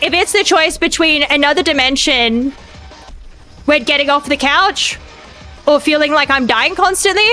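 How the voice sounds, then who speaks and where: A young woman VTuber streams a game, narrating her own play in a frantic, profanity-laden rush. Her voice sits high, with a bright and forceful tone, as she delivers live gameplay commentary.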